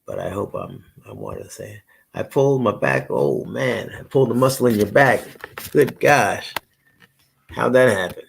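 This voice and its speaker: A man's voice: lowish voice, big pitch swings, moderate pace, gravelly, breathy edge. A middle-aged man hosting a live stream, chatting casually in a rambling way, repeating himself and greeting viewers by name. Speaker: livestream host.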